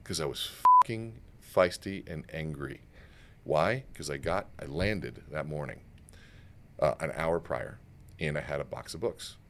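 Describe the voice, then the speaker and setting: A man's voice: rumbling low, expressive, background noise. A man guest on a podcast, telling stories emphatically, swearing and acting out quotes. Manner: fast, emphatic storytelling with swearing and acted quotes. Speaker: guest speaker and author. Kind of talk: animated podcast interview. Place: podcast studio set.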